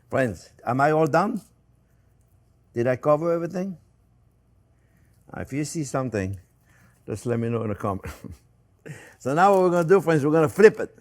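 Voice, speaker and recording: An older man with a French accent, hosting a cooking demonstration in a chatty way, laughing at himself as he works. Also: fairly high pitch. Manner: chatty, animated, self-mocking asides with chuckles. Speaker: cooking show host.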